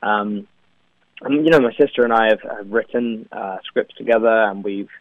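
A man's voice: on the low side, moderate pace, no room sound. Young man, English accent, actor guest, chatty, laughs a lot, phone-quality line. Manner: chatty, laughs often, many fillers. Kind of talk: remote interview. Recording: tinny phone-like line, dry.

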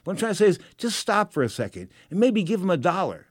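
A middle-aged man from San Francisco hosting a talk radio show, telling stories in an emotional, animated way with repeated phrases. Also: high-pitched, fast, slightly rough, dry recording, studio quality. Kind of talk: storytelling talk radio monologue.

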